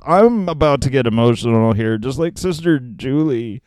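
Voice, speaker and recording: A man's voice: mid-range voice, lively intonation, moderate pace, few pauses, a little mellow, clean tone, dry recording. A man giving profane, sarcastic commentary, mocking a talk he is reacting to. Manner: sarcastic, swears constantly, exasperated.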